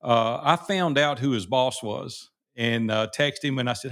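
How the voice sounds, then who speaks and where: A middle-aged man talks from his home office at an ordinary middle pitch. He tells his stories with energy and laughs easily. The talk stays loose and casual. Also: moderate pace. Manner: animated anecdote telling, laughs easily. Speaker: podcast co-host. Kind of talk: casual storytelling chat.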